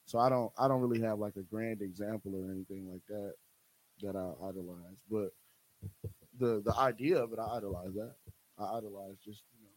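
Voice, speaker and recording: A man's voice: fairly low pitch, steady tone, fairly quick, darkish tone, poor audio. A young man, talking frankly and laid-back on a casual podcast, full of fillers. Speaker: podcast co-host. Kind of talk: casual chat.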